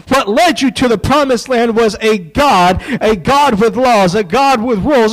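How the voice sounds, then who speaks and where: A man preaching a sermon in a folksy, joking way, dropping into quiet asides. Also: very high voice, rough recording.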